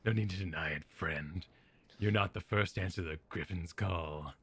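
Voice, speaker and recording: A man voicing a swaggering, muscular male rebel with a low drawl in a game read-along. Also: moderate pace, fairly bright tone, husky, dry recording, exaggerated voice. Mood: cocky.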